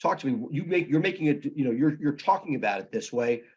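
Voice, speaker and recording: A man's voice: medium pitch, lively intonation, fast talker, a little mellow, slightly rough, lo-fi sound. A man hosting a podcast interview, asking questions casually and often repeating words as he starts. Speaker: podcast host.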